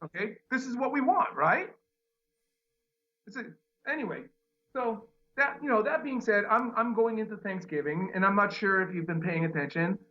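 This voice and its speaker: A man's voice: high-pitched, moderate pace. A man telling a long, exasperated story about a customer service runaround, full of restarts and retold dialogue. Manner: animated, exasperated retelling with many restarts. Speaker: podcast host. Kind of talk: casual ranting story. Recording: dull lo-fi sound.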